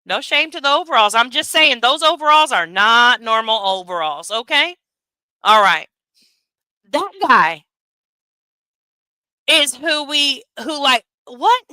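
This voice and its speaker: A woman's voice: on the high side, expressive, moderate pace, pushed and bright, no echo, clean studio sound. A woman giving heated, profane livestream commentary, rambling with many asides and tags like "right?". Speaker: commentary streamer.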